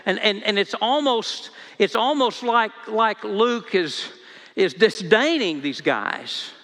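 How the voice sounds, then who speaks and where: A man's bright, high voice preaches in a church, earnest and often stumbling over repeated first words. His delivery carries a long, ringing reverb from the sanctuary. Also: expressive, slow. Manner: earnest, repeats words when starting sentences. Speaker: pastor. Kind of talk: sermon.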